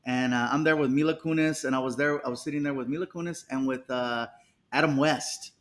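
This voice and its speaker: A man's voice: mid-range voice, a little fast. A man, a comedian guest, telling stories in a casual interview and acting out the people he quotes. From United States. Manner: animated, acts out quotes with voices.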